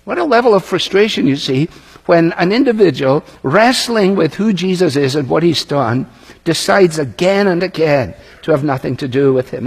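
A man with a voice on the high side, some vocal fry and slight roughness preaches an expository Bible sermon, reading scripture aloud and commenting conversationally. The recording carries the long reverb of a large hall.

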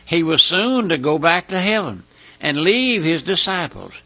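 Husky, animated man preaching a fiery sermon. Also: a little slow. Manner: emphatic, repeats words, cries out in high bursts.

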